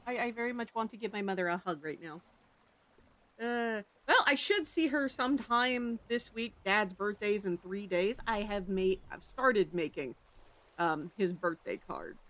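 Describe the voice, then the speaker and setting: A livestreamer talking off the cuff with viewers in a loose, rambling way. The chat drifts between topics and is broken by sudden loud exclamations. The voice sits at a middle pitch. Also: measured pace. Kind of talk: casual chat with stream chat.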